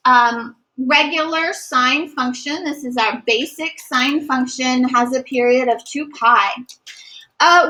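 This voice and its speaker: High, bright-voiced woman teaching math. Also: rough recording. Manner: encouraging, sings short note patterns to teach. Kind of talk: classroom lecture.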